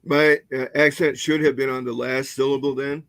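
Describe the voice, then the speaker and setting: A man's voice: medium pitch, little pitch movement, moderate pace, a bit bright, dry recording. A man who is a student in a language class, reading carefully and asking about pronunciation.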